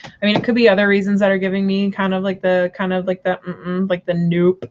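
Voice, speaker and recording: A woman's voice: medium pitch, monotone, fairly quick, a little mellow, lo-fi sound, a little hiss or hum. A woman chatting casually on a live stream, rambling with many fillers and restarts. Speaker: tarot reader and shop owner.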